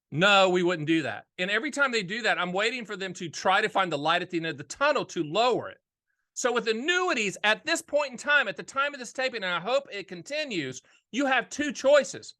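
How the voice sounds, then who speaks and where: A man hosting a casual monologue on annuities, energetic and jokey, repeating key phrases for emphasis. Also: high-pitched. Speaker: annuity agent and show host.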